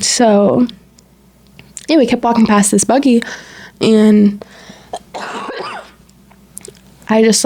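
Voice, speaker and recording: A woman co-hosting a podcast, casually telling a story and acting out quoted dialogue, full of "like" fillers. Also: medium pitch. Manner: animated retelling with quoted dialogue and frequent "like". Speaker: podcast co-host.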